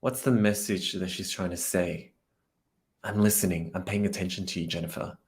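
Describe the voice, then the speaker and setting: A man working as a vocal coach, analyzing a singer's technique in a reaction commentary and getting excited as he demonstrates phrases. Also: sits low, moderate pace, creaky.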